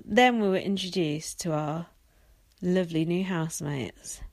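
A woman's voice: on the low side, no echo. Sarcastic, foul-mouthed woman podcaster. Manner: sarcastic, swears constantly, mocking asides. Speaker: podcast host. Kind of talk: profane reality-TV recap rant.

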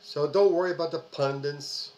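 A man's voice: a little high, moderate pace, darkish tone, poor audio. A man hosting his own commentary video, delivering an emphatic opinion monologue with repeated phrases for stress and frequent "uh" fillers. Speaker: host of a political commentary video.

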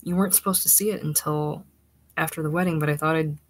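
A woman reading the part of an anxious young bride-to-be who speaks softly and pleads with her fiancé. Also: low-pitched, steady tone, quick pace, husky, dry recording.

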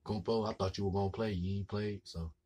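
A man's voice: lowish voice, steady tone, brisk, darkish tone, slightly rough. A man hosting a casual reaction video, talking straight to the players on screen in a hyped, slangy way. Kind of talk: casual live game reaction commentary.

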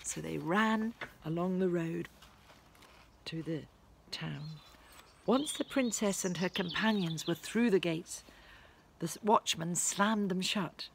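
A woman reading aloud her own children's story in a slow, deliberate storytelling way. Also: on the low side, gravelly, slight background noise. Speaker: author narrating her book.

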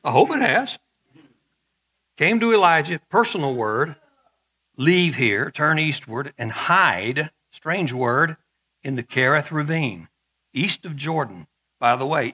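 A man's voice: mid-range voice, bright, forceful tone, husky. A middle-aged male pastor preaching a sermon in a conversational way, with joking asides and frequent repeated words.

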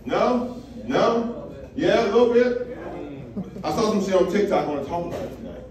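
A man's voice: high-pitched, animated, normal speed. A stand-up comedian on a comedy club stage, working the crowd in a brash, profane way while acting out his bits. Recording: echoey live club from far off, loud crowd laughter.

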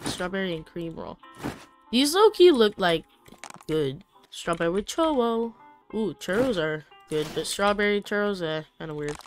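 A woman's voice: on the low side, moderate pace, faint music behind. Chatty young woman gaming commentator. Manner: chatty, slangy, joking, reads game lines aloud. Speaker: gaming channel host. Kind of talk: casual let's-play commentary.

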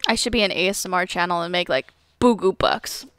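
A woman's voice: lowish voice, fairly quick, fairly bright tone, no echo. A young woman streaming a retro game live, chatting with her chat in a playful, teasing way with mock outrage and frequent laughter. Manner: giggly, laughs often. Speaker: gaming streamer.

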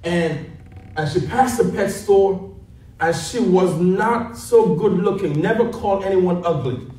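A man preaching a sermon, telling a funny story in an animated, playful way. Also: high voice, slow pace. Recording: echoey hall heard from a distance.

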